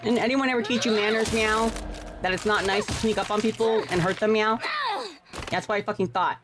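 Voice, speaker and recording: A woman's voice: mid-range voice, steady tone, a little fast, noisy background. A woman streamer giving playful, profane live gameplay commentary, tacking "meow" onto her sentences. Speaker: game streamer.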